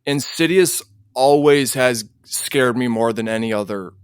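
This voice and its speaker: A man's voice: medium pitch, unhurried, clean tone, no echo, clean studio sound. A young man in his twenties, a podcast guest, talking earnestly and easily in casual chat.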